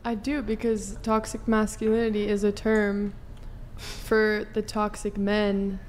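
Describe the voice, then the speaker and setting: A woman in a discussion clip, explaining her view haltingly with many fillers. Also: mid-range voice, completely flat delivery, darkish tone, a little hiss or hum.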